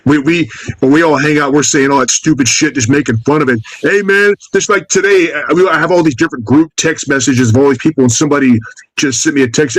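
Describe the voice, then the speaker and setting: A man in a casual live-stream chat, animated and profane, mocking slang. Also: fairly high pitch, fast talker, no room sound, low-quality recording.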